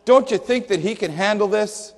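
A man voicing a commanding male archangel, declaiming slowly and emphatically in a reverberant hall. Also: high-pitched, close to an everyday voice. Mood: emphatic.

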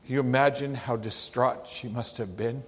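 A man's voice: medium pitch, fairly even intonation. A man preaching a sermon, in an earnest and reflective way. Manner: slow, earnest, reflective delivery. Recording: long hall reverb.

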